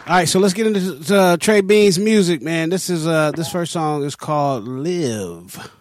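A man's voice: fairly high pitch, measured pace. Easygoing male radio host. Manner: easygoing, joking. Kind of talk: casual radio chat.

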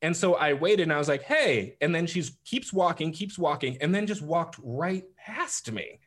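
A man co-hosting a podcast, telling stories in animated casual chat and laughing easily. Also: fairly high pitch, moderate pace. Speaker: podcast co-host.

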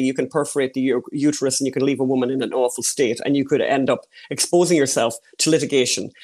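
A man talking as a guest in an interview, animated and repetitive, with plenty of "you know" fillers. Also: medium pitch. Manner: animated, repeats phrases, many fillers. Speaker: podcast producer, guest. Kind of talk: casual interview chat.

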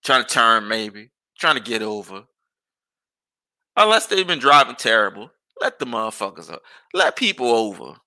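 Podcast host, male, gravelly and bright-toned, animated exasperated rant. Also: mid-range voice, moderate pace. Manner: animated, exasperated ranting with profanity and rhetorical questions. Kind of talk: casual ranting monologue.

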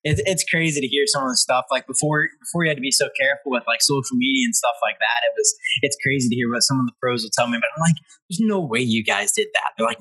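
A man in his twenties, a guest telling funny stories in a casual chat, lively and laughing as he quotes people. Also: medium pitch, very fast, slightly rough, dry recording, poor audio. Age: 20s. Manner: laughing, animated retelling with quoted voices. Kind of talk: casual storytelling.

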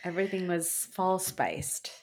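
A woman's voice: fairly low pitch, animated, a little slow, darkish tone. A young adult woman co-hosting a podcast in casual chat, who reads a spooky online post aloud and laughs and swears along the way. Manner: chatty, laughing, swears for emphasis. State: tired. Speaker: podcast co-host.

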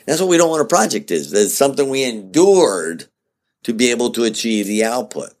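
A man teaching project leadership in a relaxed, chatty way. His voice swings up and down as he talks, and he keeps checking in with his listeners as he explains. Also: mid-range voice, brisk. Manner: animated and conversational, often checking in with "okay?". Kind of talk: casual spoken lesson.

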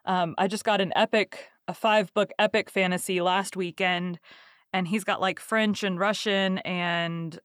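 Woman, from Texas, podcast host, chatty, laughs often, middle pitch, dry close recording. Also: a bit bright, no room sound. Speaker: podcast host and audiobook narrator. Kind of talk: casual conversational interview.

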